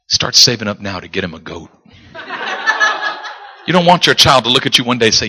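A man preaching a live sermon in church, telling a story with animated, emphatic delivery. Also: medium pitch, brisk, breathy edge, in a large hall. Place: church before a live congregation.

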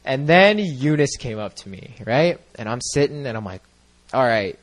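A man's voice: medium pitch, sing-song, moderate pace. A young man sharing a personal testimony at a church gathering, talking into a microphone in a mid-range voice. He rambles earnestly, leaning on "like" and "you know" and breaking into easy laughs. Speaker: church member giving a testimony.

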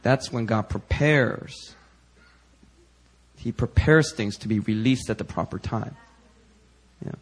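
A male pastor preaching in a conversational storytelling way, full of "you know" fillers and growing animated. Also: lowish voice, slow, pauses often, breathy edge. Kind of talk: sermon storytelling.

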